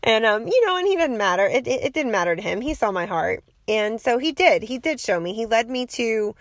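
Earnest higher-voiced woman telling her story. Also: sing-song, brisk, no room sound, studio quality. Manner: earnest, heartfelt storytelling with light self-aware laughs. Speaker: podcast host. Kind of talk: personal faith testimony monologue. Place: in her car.

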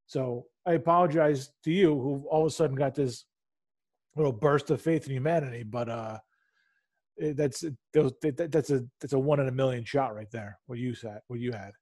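A man's voice: medium pitch, moderate pace, darkish tone. A man co-hosting a podcast in casual chat, sarcastic and given to profane rants. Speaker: podcast co-host.

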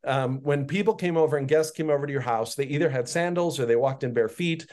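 Male Bible teacher, podcast; mid-pitched, relaxed, chatty asides. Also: fast talker. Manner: conversational, animated retelling with asides.

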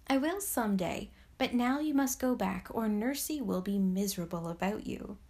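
A woman voicing a mysterious, very old grandmother in a storybook reading, calm and gently knowing. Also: mid-range voice, moderate pace, close to an everyday voice. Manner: calm, knowing, softly amused.

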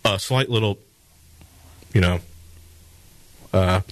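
A man's voice: low voice, slow, no room sound. A man in his thirties co-hosting a casual radio show and reading listener texts aloud in an upbeat way.

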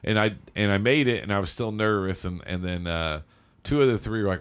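A man's voice: lowish voice, brisk, clear, resonant tone. A man who produces podcasts, telling rambling, profane anecdotes in casual banter.

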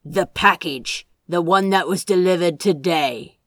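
A woman voicing a rough-voiced male kidnapper who speaks in curt, demanding lines in a story reading. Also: on the low side, a little slow, fairly bright tone, no room sound, studio quality. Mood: menacing. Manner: clipped, demanding.

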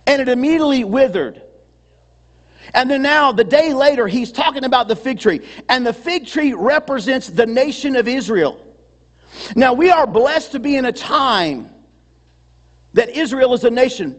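High-voiced preacher in echoing hall. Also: male voice. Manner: preaching with congregation call-and-response, rising to shouts. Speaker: pastor. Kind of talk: sermon. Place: church sanctuary. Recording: long hall reverb.

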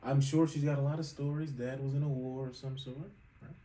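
A man's voice: medium pitch, little pitch movement, fairly quick, warm tone, slight background noise. A man co-hosting a podcast in casual chat, joking playfully and laughing as he tells his story. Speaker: podcast co-host.

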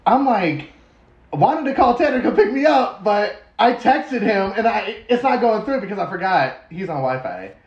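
A young man tells a story in loose, slangy chat. His voice sits high and swings wildly as he gets into it. The audio is crunchy and muffled, with a roomy echo. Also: big pitch swings, normal speed. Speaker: podcast co-host. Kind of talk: casual chat.

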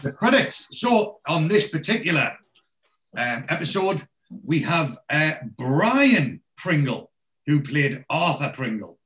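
A man's voice: fairly high pitch, big pitch swings, slow pace, fairly bright tone, low-quality recording. Male podcast host, casual recap delivery, hesitant and rambling.

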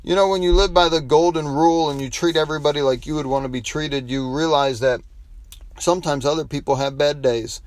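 A man's voice: fairly high pitch, steady tone, a little fast, no echo. A man preaching a devotional sermon, telling a folksy story with frequent restarts and closing in prayer. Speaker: pastor.

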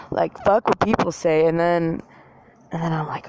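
A woman's voice: sits low, fairly even intonation, normal speed, darkish tone. A woman ranting casually to her viewers, rambling, swearing often and mocking herself. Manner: rambling, profane, self-mocking, filler-heavy. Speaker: vlogger. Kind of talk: casual rant to camera.

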